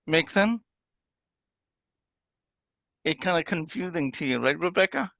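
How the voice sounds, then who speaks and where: A man's voice: a little high, expressive, measured pace, vocal fry, bright, forceful tone, dry recording, lo-fi sound. A man teaching an online language class, patiently explaining and demonstrating example phrases over a video call.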